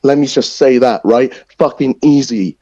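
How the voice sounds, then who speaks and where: A man's voice: medium pitch, moderate pace, mellow, dull audio. A man cutting an aggressive, profanity-heavy wrestling promo in character over voice chat. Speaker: wrestler in online league press conference. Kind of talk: in-character trash-talk promo.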